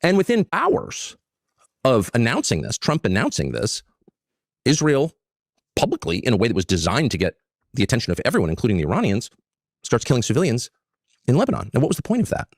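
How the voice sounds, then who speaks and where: A man answering questions in an interview, talking in an animated, scoffing way. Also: mid-range voice, brisk, pauses often, dry recording, studio quality. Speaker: interview guest. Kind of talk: broadcast interview.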